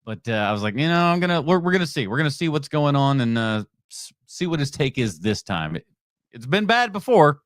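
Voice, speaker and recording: Guy ranting on his movie podcast, swings his pitch all over, super dry mic. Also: big pitch swings, fairly quick, dry recording. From United States. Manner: blunt, sarcastic, laughs often. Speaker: podcast host. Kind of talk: reacting to videos on a live stream.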